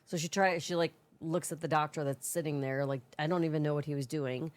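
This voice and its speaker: Low-voiced long-winded woman storyteller. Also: steady tone, a little fast, few pauses. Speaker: podcast co-host. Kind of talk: casual storytelling chat.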